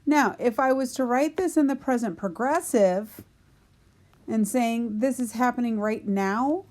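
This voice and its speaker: Slow, patient woman teaching grammar. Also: on the high side, darkish tone. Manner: slow, patient explaining, talking to herself while writing. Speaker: Spanish teacher. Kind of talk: recorded grammar lesson, writing on a board.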